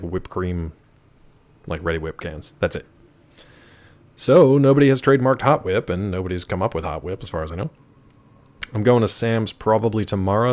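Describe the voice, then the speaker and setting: A man streaming a video game live, chatting casually and answering his chat with wry asides. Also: fairly low pitch.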